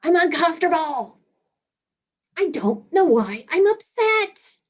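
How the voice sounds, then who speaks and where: A woman playing a parent who mimics a demanding baby, shouting high whiny complaints. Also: very animated, takes it slowly, heavily acted.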